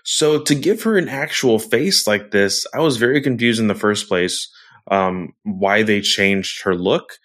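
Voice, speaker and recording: A man's voice: on the low side, unhurried, fairly bright tone. A man co-hosting a casual comic book review chat, talking hesitantly with lots of restarts and fillers.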